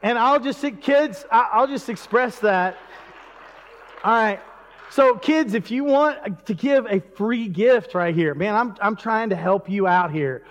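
A man's voice: high-pitched, unhurried, lo-fi sound. A man preaching a casual, chatty sermon in church, breaking off mid-sentence and chuckling at asides. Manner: conversational, self-interrupting, chuckling asides. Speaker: pastor. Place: church sanctuary. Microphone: handheld or stage mic. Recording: long reverb of a church hall.

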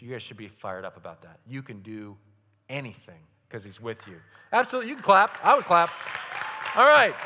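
A young man preaching a sermon as pastor, passionate, swinging between hushed and loud. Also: a little high. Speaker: youth pastor. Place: church service hall. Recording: echoey hall.

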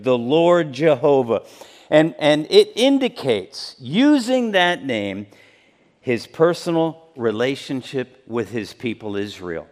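A man delivering a sermon from the pulpit, earnest and emphatic. His voice sits a little on the high side for a man. He repeats key words and restarts sentences as he works through the passage. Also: big pitch swings, measured pace. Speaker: pastor.

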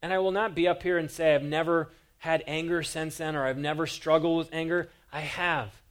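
An earnest male pastor delivering a sermon from the pulpit. His voice sits a touch higher than most men's, and he presses his points with emphatic rhetorical questions. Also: fairly even intonation, moderate pace.

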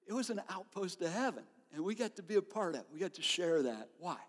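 A man preaching a sermon as a pastor, telling stories in an animated way and laughing often. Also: sits high, fast talker. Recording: long hall reverb.

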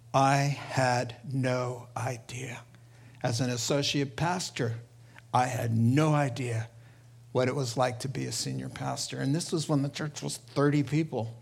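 A middle-aged man preaching a sermon as pastor, telling stories with lively voiced quotes and laughter. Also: medium pitch, gravelly.

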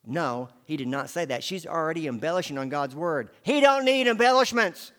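A man preaching a sermon, swinging from hushed asides to loud, emphatic declarations. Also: on the high side, expressive, moderate pace. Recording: long hall reverb.

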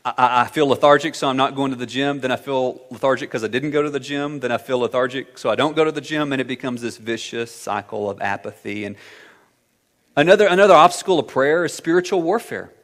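A man's voice: medium pitch, quick pace, a bit bright. Man preaching in a reverberant hall. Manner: conversational, anecdotal, many fillers and restarts. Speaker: pastor. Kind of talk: sermon.

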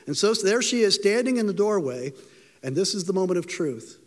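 A man with a high, light voice preaches a sermon, telling the story with feeling and acting out the quoted lines. His voice rings through a hall with a long echo. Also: expressive, brisk.

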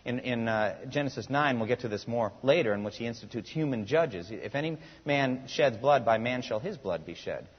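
A man's voice: medium pitch, animated, normal speed, hardly any pauses, husky. A male pastor preaching a sermon, asking the congregation rhetorical questions and reading scripture aloud with rising emphasis. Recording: muffled recording in a reverberant hall.

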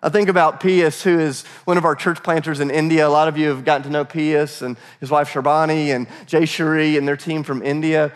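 A man from the United States delivers a sermon in a relaxed, chatty voice that sits a little higher than most men's. He breaks into small laughs and acts out conversations as he tells stories. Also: a little fast, few pauses, smooth. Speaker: pastor.

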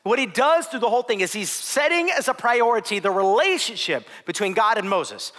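Male pastor, high bright voice, casual and playful sermon delivery. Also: animated, fairly quick, in a large hall. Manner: conversational, playful, jokes with the congregation.

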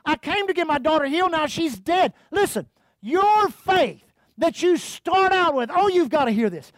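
A male pastor preaching with fervor and calling out to his congregation. His voice sits very high for a man. The sound is dry, with almost no room echo. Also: expressive, normal speed, fairly bright tone. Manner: fervent, calls out to the congregation; reads scripture aloud. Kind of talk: sermon.

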